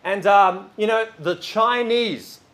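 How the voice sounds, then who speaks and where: A male preacher with a fairly high voice delivers a sermon in a loose, conversational style. He rambles warmly through stories, full of filler words and restarts. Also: slow pace. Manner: lively and chatty, with many fillers.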